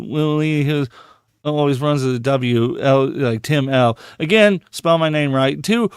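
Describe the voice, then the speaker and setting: A man's voice: a little high, clean tone, dry recording, studio quality. A man hosting a casual live podcast, swearing constantly and mocking the posts he reads aloud. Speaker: podcast host.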